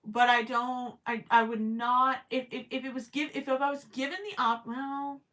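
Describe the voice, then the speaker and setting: A woman with a higher-pitched voice hosts a relaxed crochet live stream, chatting to viewers as she works. She thinks out loud and stumbles into quick restarts. Her voice is cracking from hours of talking. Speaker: crochet livestream host. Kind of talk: casual live chat while crocheting.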